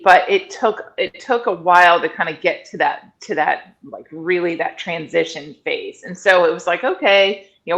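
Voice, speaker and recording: A middle-aged woman, a guest in an interview, telling stories in a lively conversational way and acting out other people's words. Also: on the low side, low-quality recording. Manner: animated storyteller, acts out quoted people in raised voices. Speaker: guest, functional medicine director and former doula.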